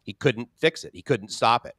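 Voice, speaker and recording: A man's voice: medium pitch, normal speed, a bit bright, dry recording. Emphatic storytelling man, dry sound. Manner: emphatic, piles up repeated phrases and lists. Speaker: live stream co-host. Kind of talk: casual chat, personal storytelling.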